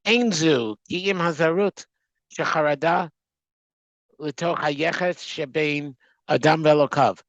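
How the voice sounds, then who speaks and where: A man teaching a text study class, reading aloud and translating line by line, often halting and restarting words as he goes. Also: fairly high pitch, a bit bright, no room sound, lo-fi sound. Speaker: Torah teacher.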